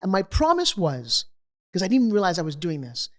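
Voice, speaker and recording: Animated middle-aged woman telling her story. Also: fairly low pitch, a little fast. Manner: animated, acts out quoted voices. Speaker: guest. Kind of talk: candid storytelling interview.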